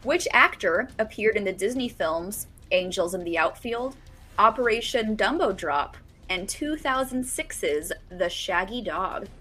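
Lively, husky-voiced female co-host. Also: medium pitch, unhurried, faint music behind. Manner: laughing, teasing. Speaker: trivia show co-host. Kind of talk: reading trivia questions, banter.

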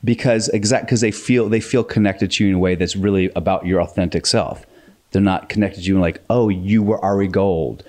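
Man, comedian guest, lowish voice, animated, profane, laughs easily, casual podcast chat. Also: brisk.

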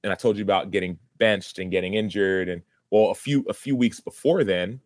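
Deep voiced guy in his 30s telling his story real earnest, lots of restarts, dry sound. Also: brisk, no echo. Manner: earnest, retells dialogue with many restarts. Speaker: guest, former football player. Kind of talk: candid personal storytelling.

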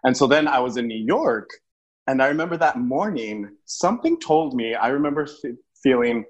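A man being interviewed as a podcast guest, telling a personal story in an eager, animated way with many fillers. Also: medium pitch, normal speed, rough recording.

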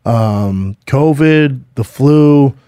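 A man's voice: medium pitch, very slow, warm tone, clean tone, dry recording, clean studio sound. Casual, rambling male podcast co-host. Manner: rambling storytelling with restarts and profanity. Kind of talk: casual chat.

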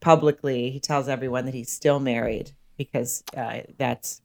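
A woman's voice: very deep voice, fairly even intonation, normal speed, vocal fry, a little mellow. A woman comedian co-hosting a podcast, chatting casually in a blunt, profane, chatty way. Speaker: podcast co-host. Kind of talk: casual chat.

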